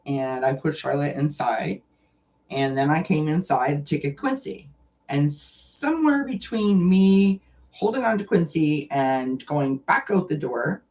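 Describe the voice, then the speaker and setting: A woman hosting a live stream, telling a story in a chatty, animated way and laughing often. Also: low-pitched. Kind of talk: casual chat, storytelling. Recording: voice distant from the mic.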